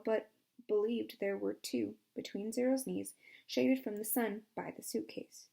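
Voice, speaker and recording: A woman's voice: steady tone, unhurried, creaky. A woman reading a novel aloud as an audiobook, giving each character a voice of her own. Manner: shifts pitch and loudness for each character. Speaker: audiobook reader. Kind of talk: storybook narration with character voices.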